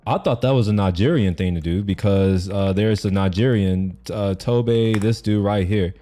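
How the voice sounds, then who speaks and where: A man's voice: lowish voice, normal speed, dark tone, faint music behind. A man streaming as he reacts to a video, rambling casually with lots of restarts and frequent laughter. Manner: rambling, many fillers and restarts, laughs often.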